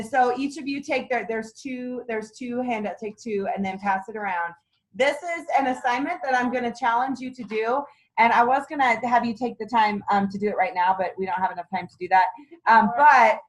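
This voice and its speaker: A middle-aged woman with a fairly high voice leads her sales team's meeting. Her talk is enthusiastic, folksy and chatty, with a motivational drive. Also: fairly bright tone, low-quality recording. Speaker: sales director leading a team meeting.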